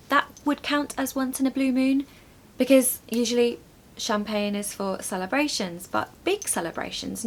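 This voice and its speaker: Chatty woman teaching idioms. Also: mid-range voice. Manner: lively, chatty, laughs often, models pronunciation slowly. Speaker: English teacher. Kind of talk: online English lesson on idioms.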